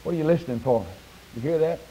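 A preacher man delivering a folksy sermon from the pulpit, his fairly high voice swinging up into loud, shouted peaks. There is a faint hiss under the recording. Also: quick pace, dull audio. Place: church sanctuary.

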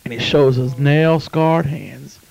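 A man preaching a sermon, swinging between hushed storytelling and loud, fervent exclamations. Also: medium pitch, slow, gravelly, poor audio. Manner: impassioned, swings from hushed to shouting.

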